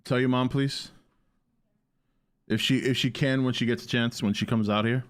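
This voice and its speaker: A man's voice: medium pitch, fairly even intonation, normal speed. A man chatting playfully on a live stream, joking around and talking to his dog. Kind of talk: casual live stream chat.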